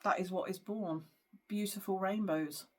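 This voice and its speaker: A woman's voice: medium pitch, fairly even intonation, moderate pace, darkish tone. A woman psychic giving a spiritual card reading to camera, speaking earnestly and hesitantly with frequent fillers. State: emotional at times. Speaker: psychic medium.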